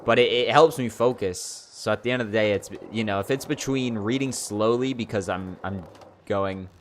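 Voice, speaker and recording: A young man streaming live, chatting casually in a rambling way and padding his talk with "like" and "you know." His voice sits on the low side and moves fairly quickly, with a little hiss or hum in the audio.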